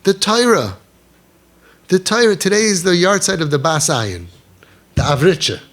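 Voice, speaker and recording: Animated middle-aged man giving a parenting talk. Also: high voice, normal speed. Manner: animated storytelling that acts out quoted dialogue; emphatic, rhetorical questions. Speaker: parenting guide.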